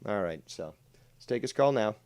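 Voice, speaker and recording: A man's voice: fairly low pitch, animated, normal speed, a little mellow, smooth, no echo, studio quality. A man hosting a livestream drama commentary show, talking in a profane, mocking, rambling way. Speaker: host.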